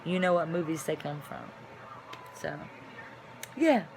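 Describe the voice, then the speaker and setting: A middle-aged woman chats casually to the camera in her own vlog, rambling along and signing off loudly. Her low-pitched voice is expressive and unhurried, with background noise behind it.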